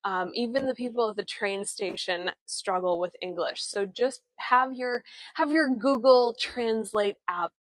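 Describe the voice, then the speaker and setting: Slow-talking chatty woman tour guide. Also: mid-range voice, no room sound, low-quality recording. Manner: chatty, friendly, many fillers and restarts; laughs often at herself. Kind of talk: live virtual walking tour. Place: outdoors on town streets.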